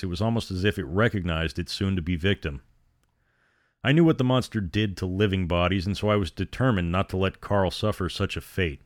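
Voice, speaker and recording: A man reads a horror story aloud in a steady, grim tone. His voice sits very low, and the recording is dry and close, with no room sound. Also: no echo. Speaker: narrator. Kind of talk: scripted horror story narration.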